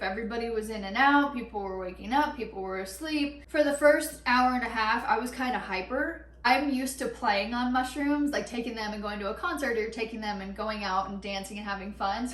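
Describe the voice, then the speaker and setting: A young woman telling a story in a casual vlog, chatty and animated, with lots of "like" and quick laughs. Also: fairly high pitch, recorded from a distance. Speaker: vlogger. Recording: echoey room, a bit off-mic.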